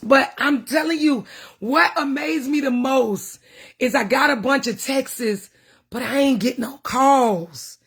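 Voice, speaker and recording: Woman minister, casual livestream talk, gravelly and husky, emotional preaching. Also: high-pitched, slow.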